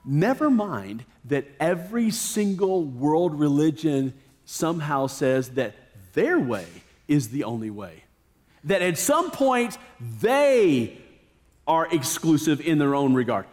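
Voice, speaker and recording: A male preacher with a high voice gives a casual, conversational sermon. He lands his points emphatically and drops in slangy asides. His voice trails in a long, echoey hall reverb. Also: big pitch swings, measured pace.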